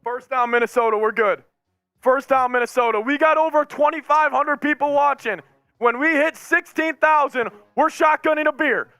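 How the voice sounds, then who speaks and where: A man streaming as a sports fan, calling plays live with hyped yells and rambling reactions. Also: very high-pitched, normal speed, dry recording, faint music behind. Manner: hyped, yelling, rambling play-by-play.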